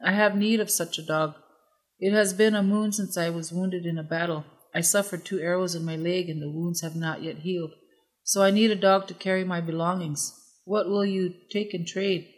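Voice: medium pitch, steady tone, normal speed, lightly acted. A narrator voicing a proud, impatient male warrior in a storybook reading, speaking insistently. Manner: insistent, bargaining.

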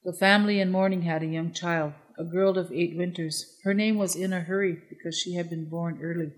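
Storybook narrator, even and calm, reading out loud slow and steady. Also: medium pitch, low-quality recording.

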